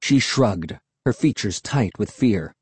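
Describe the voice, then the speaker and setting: A man reads a first-person adventure story with plenty of expression, his voice husky and his pitch swinging widely. He drops into a hush when things turn tense. The recording is close and dry, with no room sound. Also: takes it slowly, no echo. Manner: expressive, hushed for suspense, raised for shouts. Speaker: audiobook narrator.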